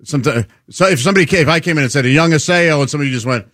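A man's voice: on the high side, racing, fairly bright tone, no echo, studio quality. A man who is a regular on a morning radio show, explaining things patiently and laughing easily.

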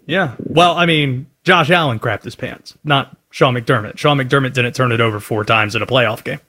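A man's voice: medium pitch, normal speed, sharp tone. A man hosting a sports talk radio call-in show, bantering and teasing callers.

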